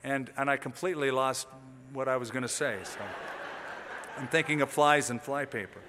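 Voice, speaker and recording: A man preaching a sermon, telling the story lively and acting out the figures' lines. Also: mid-range voice, moderate pace, big-room sound, slight background noise. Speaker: pastor.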